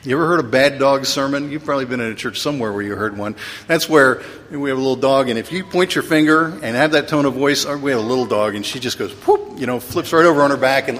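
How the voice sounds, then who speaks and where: A middle-aged male pastor delivers a sermon with a bright, cutting tone and a slightly husky edge. He keeps it conversational, slipping in humor before rising to emphatic points. His voice trails off into a long church reverb. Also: medium pitch, lively intonation, brisk. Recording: long reverb of a large hall.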